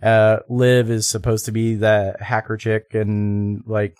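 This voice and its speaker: A man co-hosting a podcast, discussing a film in a halting way with many restarts and mock quotes. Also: fairly low pitch, monotone, a little mellow, clean tone, no room sound, studio quality. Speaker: podcast co-host.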